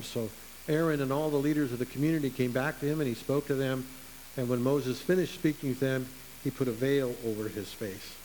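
A man preaching a sermon in an earnest way, slowing down to stress key words. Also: mid-range voice, a little mellow, poor audio. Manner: earnest, with slow emphatic stresses. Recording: faint hiss.

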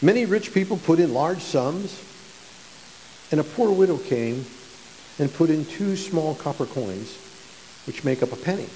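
A man's voice: a little high, animated, measured pace, long pauses, dark tone, long reverb tail, a little hiss or hum, rough recording. A male pastor preaching a sermon in a conversational way, often repeating and restarting words.

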